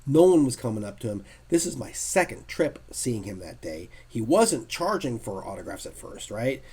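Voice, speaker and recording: A man, a comic artist being interviewed, telling stories in a casual, animated way and acting out what others said. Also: medium pitch, moderate pace, husky. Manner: animated storyteller who acts out quotes.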